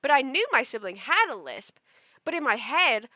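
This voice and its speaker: A young woman streams her game and talks to her chat in a loose, rambling way, leaning on "like" between thoughts. Her voice sits a little high and comes across bright and forceful. The sound is close and dry, from a desk mic. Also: very animated, moderate pace, no room sound. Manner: rambling storyteller, many "like" fillers. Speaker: live streamer. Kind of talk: casual stream chat while gaming.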